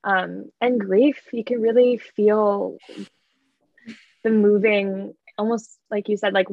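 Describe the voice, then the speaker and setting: A woman hosting a podcast interview, speaking slowly with warm, gushing praise and halting pauses. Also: mid-range voice, gravelly, no echo. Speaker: podcast host. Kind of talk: interview conversation. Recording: dull, dry lo-fi audio.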